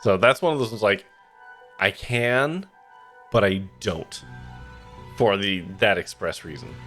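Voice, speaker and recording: A man's voice: fairly low pitch, expressive, unhurried, a bit bright, faint music behind. A man streaming a game, chatting casually in a rambling way with lots of fillers. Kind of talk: casual let's-play commentary.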